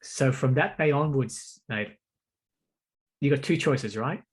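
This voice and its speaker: A man's voice: mid-range voice, slow, husky. Man telling a story animatedly in casual podcast chat. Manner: animated storytelling, stammers and repeats words, peppers speech with "bro" and "mate". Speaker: podcast host.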